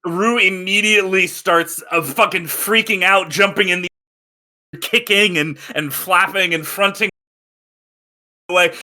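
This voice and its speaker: A man narrates a tabletop role-playing game as the game master. His voice is very bright and sits fairly high, and he tells the scene with lots of fillers before jumping into loud, shouted voices for the guards. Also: a little slow.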